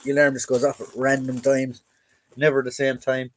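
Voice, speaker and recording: Speaking at a normal pace in a medium, monotone voice, a young Irish man reads viewer comments and questions on his casual militaria livestream. He rambles, jokes and responds to chat aloud, with slight background noise.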